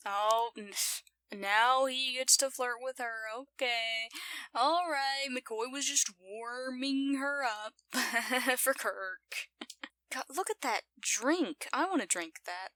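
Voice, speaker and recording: A woman's voice: fairly high pitch, bright, forceful tone, dry recording. A woman with an accent giving casual reaction commentary to a TV episode, playfully giggling and talking back to the screen. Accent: non-standard English accent. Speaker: video reactor.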